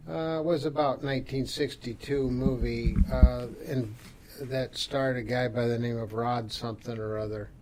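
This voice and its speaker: Older man, halting and unhurried. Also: mid-range voice, a little mellow, slight background noise. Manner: hesitant, many uh fillers, dry humor. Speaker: guest. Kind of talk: casual podcast chat.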